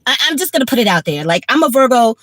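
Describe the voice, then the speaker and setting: A woman's voice: fairly high pitch, big pitch swings, fast, a bit bright, no echo. A woman in her fifties, tired and blunt, talking casually on a livestream with profanity and repetition. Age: 50s. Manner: blunt, profane, repeats herself. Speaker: livestream host.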